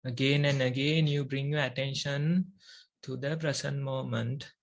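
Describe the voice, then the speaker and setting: Slow, gravelly Sri Lankan monk. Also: male voice, medium pitch, steady tone. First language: Sinhala. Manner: slow, measured delivery with long pauses. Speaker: Buddhist monk teacher. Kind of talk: meditation talk.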